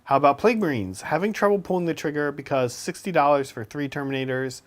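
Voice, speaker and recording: A man's voice: on the high side, fast talker. A man hosting a casual tabletop gaming chat, reading out and thanking viewer comments. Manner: reads viewer comments aloud, thanks them. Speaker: podcast host reading chat.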